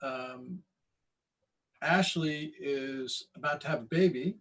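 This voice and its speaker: A man's voice: mid-range voice, slow pace, creaky, a bit bright, rough recording. A man on a video call chatting casually as a guest artist, easygoing and self-mocking.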